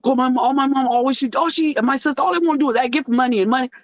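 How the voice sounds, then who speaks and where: A woman's voice: sits high, very fast, no echo. A woman hosting her own show, talking casually in a joking, sermon-like style. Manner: animated, joking, sermon-like cadence. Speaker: host. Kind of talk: casual preachy talk show monologue. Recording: dull lo-fi dry sound.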